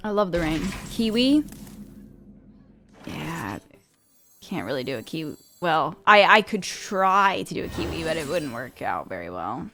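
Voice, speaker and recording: A woman's voice: low-pitched, sing-song, unhurried, fairly bright tone. Chatty woman streaming a card game. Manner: chatty, laughs easily, thinks aloud. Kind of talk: casual gameplay commentary.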